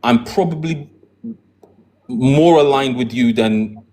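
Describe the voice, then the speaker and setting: A man raised in the UK with a British accent, answering calmly and conciliatorily in a debate, often stumbling over repeated words as he starts. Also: medium pitch. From United Kingdom. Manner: measured, conciliatory, stammers on restarts. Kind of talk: conversational debate.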